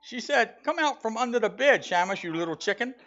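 A man's voice: sits high, lively intonation, a little fast, very noisy, voice pushed up. A man voicing a boastful, henpecked Irish bar patron in a put-on comic Irish accent, in a dull church recording. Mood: joking. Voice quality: exaggerated comic brogue.

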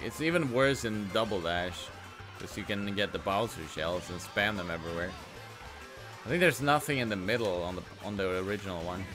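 A man streaming a racing game, reacting out loud with yelps, groans and laughs as he plays. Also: lowish voice. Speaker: gaming streamer. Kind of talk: live game commentary.

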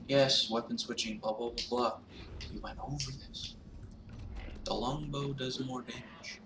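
A young man commentating his gameplay, swearing and breaking into panicked shouts. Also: mid-range voice, fairly even intonation, a little slow, recorded from a distance. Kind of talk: let's play commentary. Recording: roomy, off-mic, noisy background.

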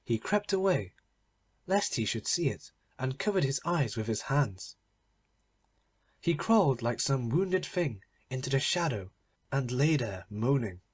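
A man reading a classic story aloud as an audiobook narrator, with expressive, dramatic delivery. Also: medium pitch, measured pace, breathy edge.

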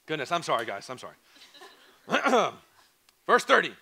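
A young man with a hoarse, fading voice preaching an earnest youth camp sermon, repeating phrases and asking students questions. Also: fairly high pitch, huge pitch swings, moderate pace, sharp tone. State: hoarse, voice going. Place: church or camp hall.

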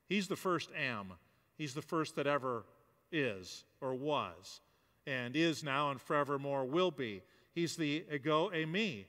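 Man, pastor, casual sermon, lively pitch, fillers and restarts, long hall reverb. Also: measured pace. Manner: conversational and animated, with filler words and restarts. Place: church hall.

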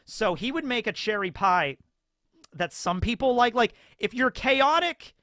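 A man hosting casual, rambling anime commentary in an animated way with many fillers. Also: extremely high pitch, a little slow, dry recording, clean studio sound.

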